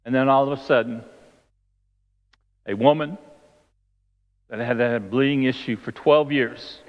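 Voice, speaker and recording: Preacher in a reverberant church hall. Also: male voice, mid-range voice, fairly even intonation, measured pace. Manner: storytelling, acting out the voices of the people in the story. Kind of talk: sermon. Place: church sanctuary. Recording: long hall reverb, dull lo-fi sound.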